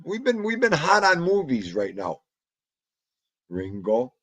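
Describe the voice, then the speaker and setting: A man's voice: a little high, wildly swooping pitch, slow, fairly bright tone, no echo. A man hosting a casual livestream, rambling about old movies, muttering asides to himself and greeting chat. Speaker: livestream host.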